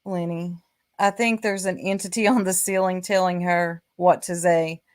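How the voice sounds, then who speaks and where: A woman's voice: lowish voice, fairly even intonation, moderate pace. A woman with a Southern US accent hosting a casual livestream, chatting and teasing while greeting viewers by name. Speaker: livestream host.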